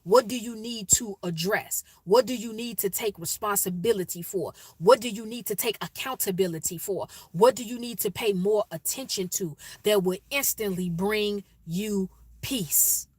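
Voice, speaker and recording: Woman, from chicago, inspirational talk, animated and emphatic, mid pitch, dry close recording. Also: moderate pace, breathy edge, no echo. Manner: animated, emphatic, repetitive questioning. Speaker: inspirational speaker. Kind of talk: personal storytelling and exhortation.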